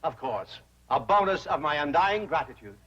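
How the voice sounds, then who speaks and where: A pompous groveling old banker. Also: male voice, on the high side, sing-song, moderate pace, fairly bright tone. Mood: scheming. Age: older. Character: fawning pompous older banker man. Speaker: bank president. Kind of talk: 1960s sitcom acting. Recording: dull old TV soundtrack with hiss.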